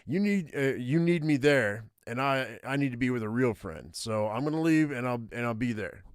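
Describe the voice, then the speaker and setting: A man's voice: mid-range voice, expressive, moderate pace, clear, resonant tone, no room sound, studio quality, close to an everyday voice. A man reading a tired, rambling friend. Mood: apologetic. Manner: rambling, apologetic, with filler-laden restarts. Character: tired, hurried male friend on the phone.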